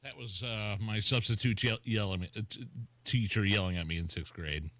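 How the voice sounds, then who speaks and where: A middle-aged man from Indiana, co-hosting a radio show and telling stories in excitable, casual banter. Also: on the low side, brisk, dry recording. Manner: excitable storyteller. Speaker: radio co-host.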